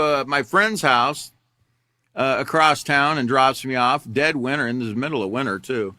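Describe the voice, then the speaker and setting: Bright, dry-voiced male instructor. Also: fairly high pitch, dry recording. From Alaska. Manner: candid, conversational storytelling with many fillers. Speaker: character education instructor. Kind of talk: classroom lecture with personal story.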